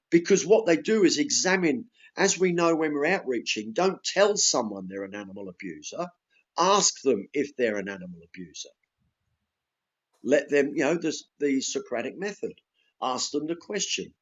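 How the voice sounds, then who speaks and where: A man's voice: a little high, animated, unhurried, highs cut off. An Englishman telling a story in casual podcast chat, blunt and sweary, acting out the exchanges he quotes. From England. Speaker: podcast guest.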